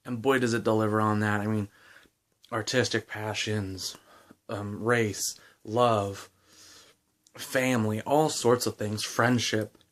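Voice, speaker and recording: Man, lowish voice, casual book vlogger, rambling and enthusiastic, gum in his mouth. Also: steady tone, takes it slowly, a bit bright. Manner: enthusiastic, rambling with many fillers and restarts. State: chewing gum. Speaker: book reviewer. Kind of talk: casual book review vlog.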